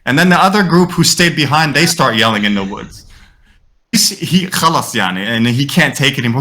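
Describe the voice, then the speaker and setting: A man on a casual podcast, spinning a story with lively energy. His voice is bright and forward, and he swears freely and drops Arabic phrases between English lines. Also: mid-range voice, fast. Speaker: podcast co-host.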